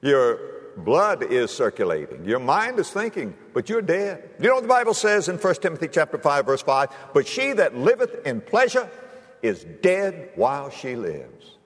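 A man preaching a sermon, telling stories and acting out the voices, swinging between loud and hushed. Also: a little high, big pitch swings, moderate pace. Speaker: pastor. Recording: hall reverb.

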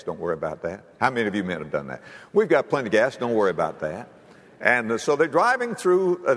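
A man preaching a sermon, telling stories and acting out the voices, swinging between loud and hushed. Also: medium pitch. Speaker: pastor. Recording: hall reverb.

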